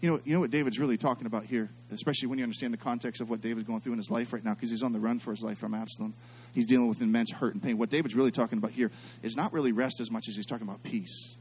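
A middle-aged man preaching a sermon as a pastor, telling stories and swinging between quiet, hushed passages and loud, excited ones. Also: mid-range voice, rapid-fire, breathy edge.

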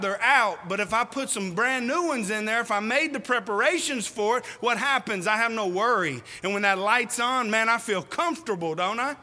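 A man's voice: very high voice, bright, forceful tone. A man preaching a sermon, emphatic and folksy, firing questions at the congregation. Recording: reverberant hall.

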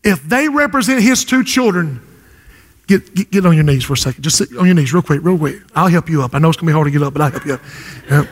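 A man's voice: fairly high pitch, animated, fast talker, slightly rough. A man preaching a sermon in a church, fervent and rhythmic, stretching out key phrases for emphasis. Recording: church hall reverb.

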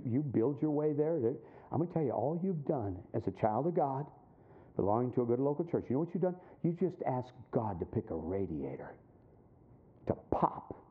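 A middle-aged man preaching a sermon, telling a story with acted-out voices and dropping low and quiet for his points. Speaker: pastor. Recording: tinny phone-like sound.

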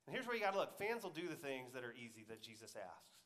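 A man preaching a sermon, swinging between loud emphatic peaks and quiet, intimate asides, and acting out quoted voices in a conversational way. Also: mid-range voice, very animated, fast. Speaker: pastor.

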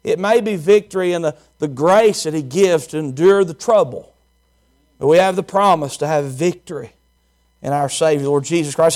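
Preacher, male, somewhat high voice; emphatic sermon delivery, repeats key words. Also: normal speed, a little mellow.

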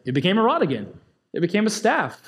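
A man with a high, light voice preaches to a congregation. His delivery is casual and chatty, full of questions to the room and quick asides. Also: huge pitch swings. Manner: conversational preaching, asks the congregation questions, laughs. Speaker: pastor. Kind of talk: sermon.

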